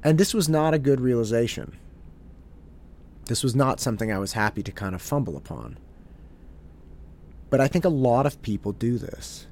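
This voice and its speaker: Man telling a story with a lively voice. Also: medium pitch, normal speed, long pauses. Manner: candid, self-deprecating, conversational. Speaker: podcast host. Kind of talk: reflective personal storytelling monologue.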